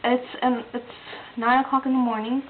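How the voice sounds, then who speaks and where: A woman's voice: fairly high pitch, flat delivery, moderate pace. A young woman chatting casually and rambling as a vlog co-host, giggling often. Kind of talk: casual chat. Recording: tinny lo-fi webcam with hiss.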